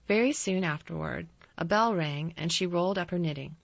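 A woman narrating a storybook in a calm, measured way. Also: on the low side, creaky, no room sound. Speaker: audiobook narrator. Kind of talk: storybook reading. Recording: slightly dull dry recording.

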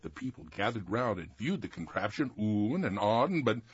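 Man storyteller, tall tale reading, husky voice, wildly animated pitch, dry muffled sound. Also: normal speed, no room sound.

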